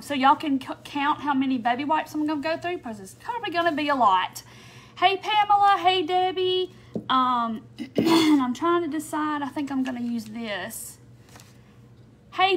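A woman's voice: high voice, a bit bright. A middle-aged woman hosting a casual craft live stream, chatting and greeting viewers by name while she works.

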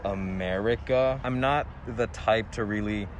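A man with a lowish voice gives relaxed, matter-of-fact answers to a street interviewer. Faint traffic sits in the background. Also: measured pace, muffled recording. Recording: outdoors with faint traffic noise.

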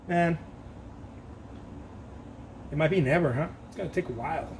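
A man's voice: on the high side, unhurried, pauses often, a little mellow, a little hiss or hum. A man talking casually while he paints, rambling, joking about himself and laughing often. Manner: self-mocking and playful. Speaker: painter hosting his own art channel.

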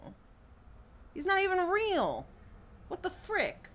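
A woman's voice: very high-pitched, huge pitch swings, slow pace, a bit bright, a little hiss or hum. A woman streaming a horror game live, reacting with jumpy, frightened exclamations and casual chat. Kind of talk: live gameplay commentary.

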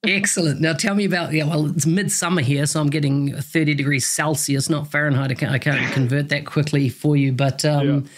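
A man's voice: fairly high pitch, fairly even intonation, a little fast, hardly any pauses. A man with a New Zealand accent hosting a podcast in friendly, casual chat and laughing easily. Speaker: podcast host.

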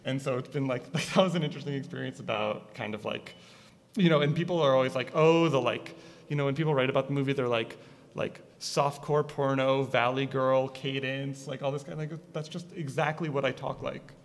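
A man from Connecticut with an East Coast accent, a filmmaker talking casually about his film, halting, with many fillers. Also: medium pitch, creaky. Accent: East Coast American. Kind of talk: casual conversation at a screening. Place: art gallery. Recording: reverberant gallery space.

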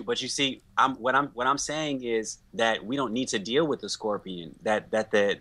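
A man's voice: fairly low pitch, pushed and bright. A man making an earnest point in a discussion, stopping often with fillers. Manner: earnest, hesitant with many fillers. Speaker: panel guest.

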